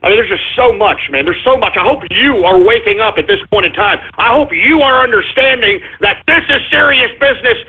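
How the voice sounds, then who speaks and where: A man's voice: sits high, expressive, brisk, hardly any pauses, slightly rough, heavily acted. A man playing a blustering, foul-mouthed Texan talk radio host who rants, curses and stumbles over his words. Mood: ranting. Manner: ranting, cursing, stumbling over words, drunk-sounding bravado. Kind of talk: parody talk radio rant. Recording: tinny phone-like radio sound.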